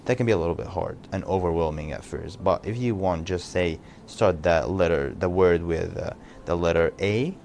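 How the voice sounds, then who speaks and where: Deep-voiced Egyptian man teaching casually. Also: vocal fry, a little mellow, a little hiss or hum. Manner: loose and chatty, repeating phrases slowly for learners. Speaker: language teacher. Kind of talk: casual podcast lesson.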